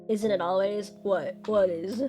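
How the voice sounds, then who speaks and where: A woman's voice: medium pitch, mellow. A young woman streaming, chatting casually and bubbly, jumping up into squeals when she greets her chat.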